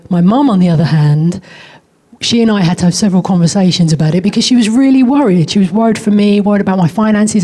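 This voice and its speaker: A woman's voice: medium pitch, dark tone. A woman hosting a conference panel, chatty and anecdotal, putting open questions to the panellists. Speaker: panel host, broadcaster. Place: conference hall.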